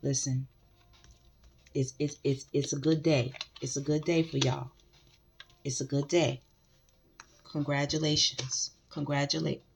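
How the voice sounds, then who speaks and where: A woman reads tarot cards for her viewers in a casual, emphatic way, circling back to repeat her points. Her voice sits slightly low. A faint background noise and a few clicks run under the recording. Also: flat delivery, measured pace, creaky, long pauses. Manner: emphatic, repeats phrases, addresses the collective directly. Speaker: tarot reader. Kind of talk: casual spiritual reading to viewers.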